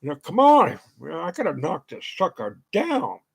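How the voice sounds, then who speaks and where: Gravelly older man rambling, lively pitch. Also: a little fast. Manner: rambling, full of "you know" fillers and restarts. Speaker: show host. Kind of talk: rambling monologue.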